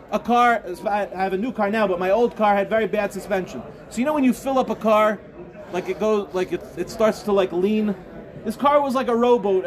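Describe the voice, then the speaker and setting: High-voiced man telling a sermon story. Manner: animated, rising to impassioned exhortation. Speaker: rabbi giving a talk to yeshiva students. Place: study hall at a summer program.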